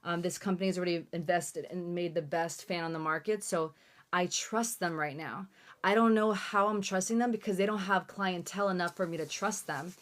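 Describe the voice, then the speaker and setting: A woman's voice: lowish voice, steady tone, a little fast. A young woman hosting a live unboxing stream, chatting casually, gushing and swearing freely. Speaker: livestream host.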